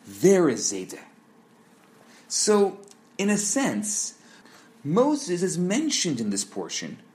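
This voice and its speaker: A man in scripted narration, teaching a Torah lesson in a measured, explanatory way and posing rhetorical questions. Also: on the high side, darkish tone.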